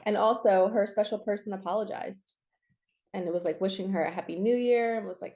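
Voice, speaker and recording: A woman speaks in a mellow, warm voice, giving a relaxed tarot reading. She talks to the viewer in an upbeat, encouraging, chatty way and slips in quick asides. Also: medium pitch. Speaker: tarot reader and spiritual coach. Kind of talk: casual tarot reading monologue.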